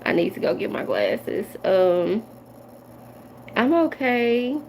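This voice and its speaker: A woman's voice: on the low side, sing-song, a little slow, vocal fry, darkish tone, a little hiss or hum, rough recording. Chatty woman in her forties. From Midwestern United States. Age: 40s. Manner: chatty, loose, addresses viewers as y'all. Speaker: tarot reader hosting a live stream. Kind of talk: casual live-stream chat.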